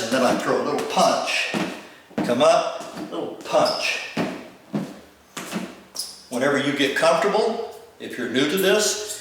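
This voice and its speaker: A man's voice: medium pitch, noisy background. An older man teaching step aerobics moves, calling out each step as he demonstrates. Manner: coaching, calls out step moves. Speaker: fitness instructor. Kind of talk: instructional demonstration. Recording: echoey room, distant mic.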